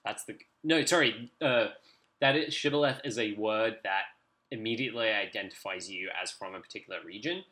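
A man's voice: on the low side, fairly quick, bright, forceful tone. A British man co-hosting a casual podcast chat, rambling with frequent restarts. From Britain. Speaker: podcast co-host.

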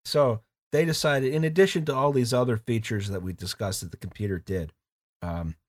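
A man's voice: mid-range voice, brisk, dry recording. A man co-hosting a casual podcast, explaining things plainly with dry jokes. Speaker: podcast co-host. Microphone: remote call mic.

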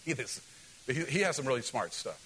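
A male pastor preaching a sermon in an animated, joking way, often asking the congregation questions. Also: medium pitch, a little fast, breathy edge, rough recording.

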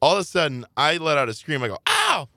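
A man's voice: fairly high pitch, racing, sharp tone, no echo, studio quality. A man co-hosting a podcast, telling a rambling anecdote in casual chat and laughing often. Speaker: podcast co-host.

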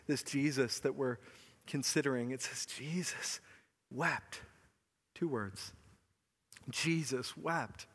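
Earnest man preaching in a hall. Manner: earnest, often drops to a soft low voice. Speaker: pastor. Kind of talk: sermon. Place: church hall. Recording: long hall reverb.

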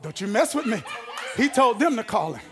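Male preacher, very high voice, animated shouting sermon with call-and-response. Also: normal speed.

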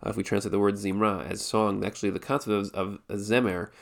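A man teaches a lesson in a steady, explanatory way. He thinks aloud, often restarting phrases and repeating words as he works through each idea. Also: lowish voice, a little fast, vocal fry. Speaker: Torah teacher. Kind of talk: spoken Jewish law lesson.

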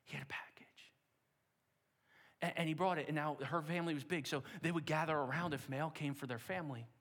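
A man preaching, telling a story dramatically with repeated words and hushed asides. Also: a little high, fast talker. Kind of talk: sermon storytelling. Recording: long hall reverb.

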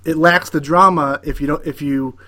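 A man co-hosting a casual chat about a TV show, animated and opinionated, repeating words as he builds his point. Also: on the high side, moderate pace. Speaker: podcast co-host.

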